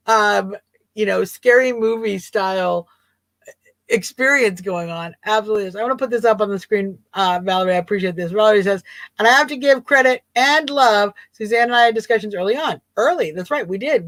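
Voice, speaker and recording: A woman's voice: medium pitch, no room sound. A woman hosting a casual livestream talk show, chatty and amused, rambling and repeating herself. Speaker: host.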